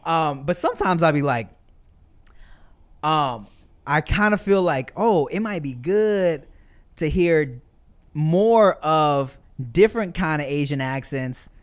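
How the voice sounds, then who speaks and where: A man hosting a podcast, talking in a relaxed, slangy way and chatting casually with his co-hosts. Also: on the high side, takes it slowly, clean tone. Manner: relaxed, slangy, drops into ad reads. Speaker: podcast host.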